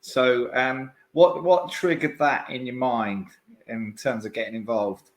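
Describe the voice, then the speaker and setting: A man's voice: medium pitch, steady tone, measured pace. A man hosting a podcast, asking long, rambling questions full of restarts and fillers in a casual interview. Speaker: podcast host.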